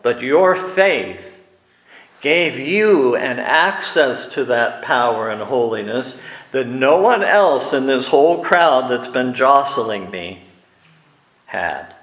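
A man preaching a sermon, slow and deliberate, growing animated when he acts out the scene. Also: mid-range voice, echoey room, rough recording.

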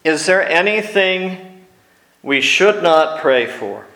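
A man preaching a sermon, telling wry personal stories and slipping into quiet asides, recorded in a church hall. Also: sits high, expressive, slow. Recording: echoey room.

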